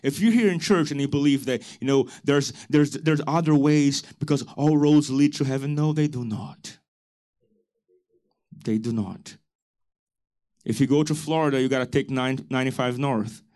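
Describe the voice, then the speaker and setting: A man preaching a church sermon, building to loud, emphatic calls to the congregation. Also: mid-range voice. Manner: preaching with rising shouted emphasis and call-and-response. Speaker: pastor.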